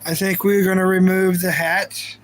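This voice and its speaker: A man's voice: high voice, flat delivery, normal speed, rough recording. A young man hosting a livestream, chatting casually and playfully about anime and reacting to his viewers. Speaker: livestream host.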